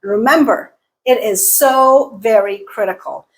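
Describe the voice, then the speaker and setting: A woman teaching an online English pronunciation lesson, speaking clearly and deliberately, modelling words by repeating them and checking in often with "okay?". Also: a little high, low-quality recording.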